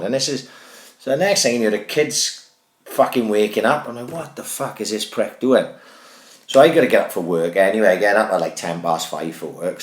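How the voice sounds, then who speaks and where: A man, co-hosting a casual podcast and telling a long, sweary, animated anecdote. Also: on the low side, roomy sound. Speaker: podcast co-host. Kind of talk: casual chat, storytelling.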